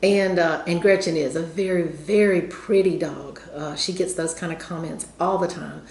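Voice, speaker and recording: A Southern American woman tells a casual story to her viewers, rambling along with plenty of fillers. Her voice sits on the low side. The room around her adds a noticeable echo. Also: steady tone, moderate pace, a little mellow. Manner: chatty, rambling with many fillers, laughs often. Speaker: vlogger telling a story. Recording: roomy echo.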